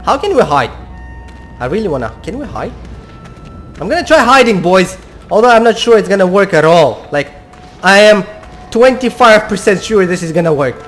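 A man's voice: high voice, sing-song, normal speed, pauses often, fairly bright tone, soft background music. A young man playing a horror game, talking to himself and his viewers, jumpy and swearing. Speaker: gamer.

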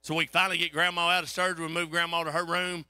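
Folksy high-voiced preacher. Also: male voice, rapid-fire, clean tone, no room sound. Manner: folksy, animated storytelling. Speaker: pastor. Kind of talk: storytelling sermon.

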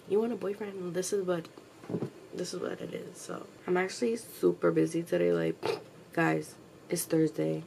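A woman's voice: lowish voice, steady tone, moderate pace, creaky, noisy background. A young woman vlogging at home, chatting casually to her camera with lots of slang and swearing, and teasing her pet along the way. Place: at home, indoors.

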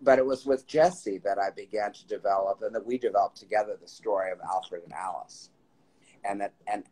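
Fairly quick and husky, his fairly low voice carries warm, wandering stories full of restarts. He's a writer hosting a casual live stream from his phone. The recording quality is low.

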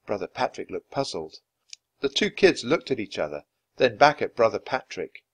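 A man reading a children's chapter book aloud in an expressive, lively way. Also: lowish voice, moderate pace. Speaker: storybook reader. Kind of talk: children's story read-aloud.

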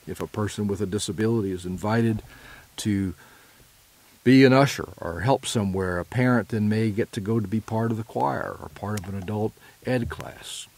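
A man delivering a prepared lecture in an earnest, measured way, now and then correcting himself mid-phrase. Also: on the low side, a little mellow. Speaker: presenter.

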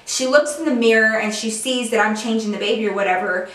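A young woman vlogger tells a story casually and chattily, leaning heavily on "like." Her voice is fairly high, fast, and a bit bright, recorded from a distance in an echoey room.

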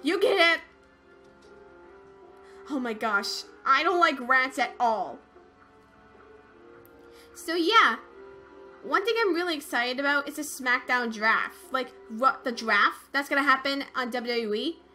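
A high, bouncy young woman's voice swooping all over as she talks through a video game. She speaks slowly and brightly, quick to squeal and laugh, with faint game music underneath. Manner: excitable, frightened squeals and laughs. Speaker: let's play gamer. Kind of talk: casual gameplay commentary.

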